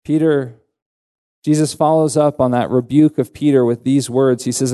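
A male pastor delivering an earnest sermon with emphatic rises in pitch. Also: steady tone, normal speed, warm tone.

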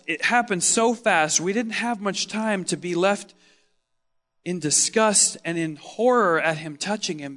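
Higher-voiced man preaching a dramatic monologue. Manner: expressive storytelling, swinging from loud exclaims to hushed tones. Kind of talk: first-person dramatic sermon monologue.

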